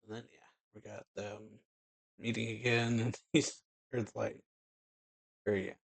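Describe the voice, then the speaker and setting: A man's voice: lowish voice, little pitch movement, measured pace, gravelly. A man hosting a reaction video, casually reading out a comic chapter and rambling with fillers. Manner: loose, rambling, many fillers like "yeah" and "like". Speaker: anime reaction host.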